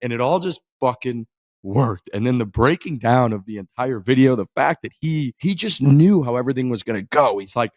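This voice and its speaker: A man co-hosting a golf podcast, telling a long story in an animated, profane way and acting out other people's lines. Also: mid-range voice, brisk, no echo. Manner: animated, profane, quotes others in his stories. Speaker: podcast co-host. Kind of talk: casual storytelling chat.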